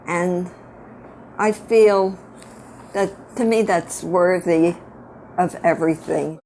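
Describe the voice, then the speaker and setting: Old brooklyn grandma telling family stories real slow, kinda low voice. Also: female voice, darkish tone, a little hiss or hum. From upstate New York. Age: older. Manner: slow, reminiscing, frank. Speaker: grandmother telling her life story. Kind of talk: casual storytelling to family.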